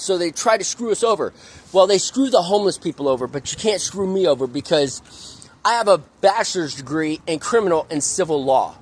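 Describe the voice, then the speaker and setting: Husky yet high-pitched, animated and a little fast, a male vlogger vents furiously in an outdoor park. The monologue is a repetitive, profanity-laced rant.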